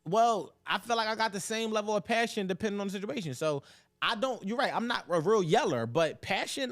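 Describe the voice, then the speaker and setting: A young man co-hosting a podcast in casual chat, animated and talking in bursts. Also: sits high, fairly quick, no room sound, clean studio sound. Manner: animated, talks in bursts with loud quoted outbursts. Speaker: podcast co-host.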